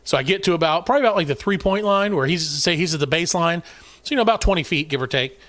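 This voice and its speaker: A middle-aged man tells a story on a casual podcast, acting out every line of dialogue and swearing as he goes. His voice sits a little high for a man. The recording is dry and close, with almost no room sound. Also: very fast, no echo. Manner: animated storyteller, acts out quoted dialogue, swears freely. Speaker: podcast co-host and youth basketball coach.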